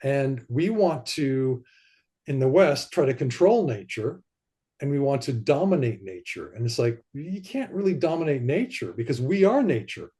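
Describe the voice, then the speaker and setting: A man talking as a podcast guest in casual conversation, rambling and animated, and sometimes acting out the voices he quotes. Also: medium pitch, moderate pace, slightly rough.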